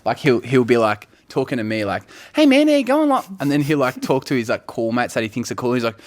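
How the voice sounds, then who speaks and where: A young man co-hosting a casual couch podcast, telling animated stories, swearing freely and slipping into silly voices. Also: mid-range voice, fast. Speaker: podcast co-host. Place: living room couch, dog nearby.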